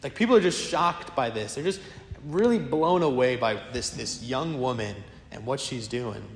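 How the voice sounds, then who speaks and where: A man preaching a sermon as a priest, telling stories in a lively, conversational way. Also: medium pitch, moderate pace. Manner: lively storytelling, acts out quoted voices; casual, conversational preaching to a congregation. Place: church. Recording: echoey church with long reverb.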